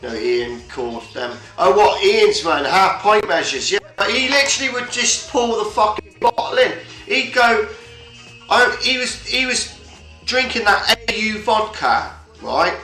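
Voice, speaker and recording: A man's voice: high voice, big pitch swings, measured pace, pushed and bright. A man chatting casually on a livestream, swearing often and rambling from point to point. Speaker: livestream host. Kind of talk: casual chat. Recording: roomy echo, faint music behind.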